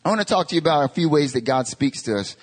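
A man in his thirties from North Carolina, a pastor preaching a sermon with lively storytelling and rhetorical questions. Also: on the high side, fast talker. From North Carolina, USA.

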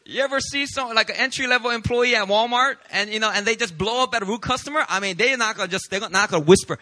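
Male pastor, sermon delivery, animated and self-deprecating, very bright tone. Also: high-pitched, fast, dry recording. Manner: animated, confessional storytelling with humor.

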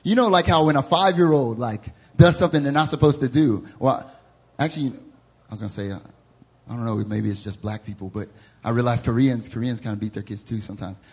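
Casting: young man, Southern accent, husky tone, lively storytelling preacher. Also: mid-range voice, brisk. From American South. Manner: animated, laughing storyteller, acts out voices. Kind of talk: storytelling sermon. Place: church service before a congregation.

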